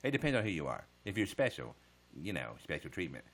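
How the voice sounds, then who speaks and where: A man's voice: low voice, sing-song, fast talker, fairly bright tone. A man chatting casually on a livestream, answering viewer comments with profane smart-aleck jokes.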